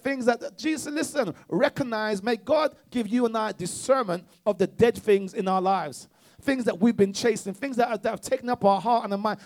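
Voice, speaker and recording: A man's voice: extremely high pitch, darkish tone. A man preaching a sermon with call-and-response exhortations, often restarting his words in repetitive bursts.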